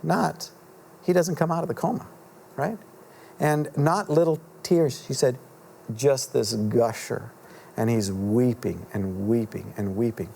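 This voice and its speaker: A middle-aged man, an author guest in a TV studio interview, telling a story in an earnest, halting way with many fillers and restarts. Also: mid-range voice, fairly even intonation, creaky, warm tone, slight background noise.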